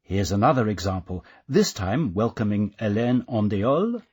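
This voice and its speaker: Guy reading a language course script, kinda husky, lots of up and down in his voice. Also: lowish voice, sing-song, a little mellow. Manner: clear, measured teacher's delivery. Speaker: course narrator. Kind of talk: scripted instructional narration.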